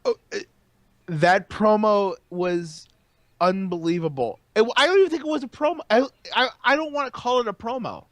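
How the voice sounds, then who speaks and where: High-voiced, excitable podcast man. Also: moderate pace, no room sound. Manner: animated, profane, emphatic. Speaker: podcast co-host. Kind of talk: casual wrestling podcast chat.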